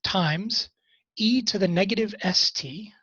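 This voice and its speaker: A man with a high-pitched, fairly bright voice and a breathy edge teaches college math slowly in a recorded lecture. His manner is casual, and he pokes fun at himself while solving problems. The audio is muffled but has no echo.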